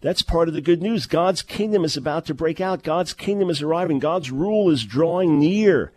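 A man's voice: a little high, normal speed, a little mellow. A middle-aged man preaching a sermon, emphatic and full of rhetorical questions, often restarting his words. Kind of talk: sermon-style teaching.

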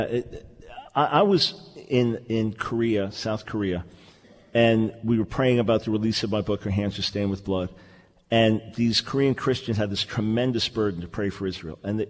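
A man hosting a radio talk show, speaking in an earnest, animated, conversational way. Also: lowish voice, in a large hall.

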